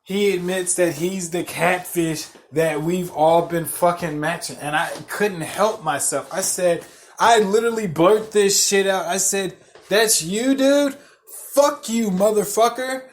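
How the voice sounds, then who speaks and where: A man hosting a podcast, telling a story as a profane rant, swearing constantly, repeating himself and getting loud and worked up. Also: sits high, fairly even intonation, measured pace. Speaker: podcast host.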